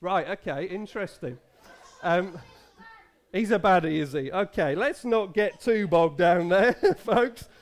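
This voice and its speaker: In a church hall, a pastor in his thirties quizzes children playfully as part of a family service talk, with frequent restarts and laughter. His voice sits high and he keeps a measured pace.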